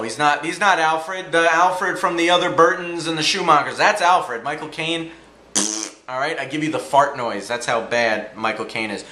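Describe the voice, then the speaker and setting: A man's voice: medium pitch, fairly bright tone. A man reviewing movies in a casual vlog, enthusiastic and slangy, joking as he goes. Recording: echoey room with faint hum.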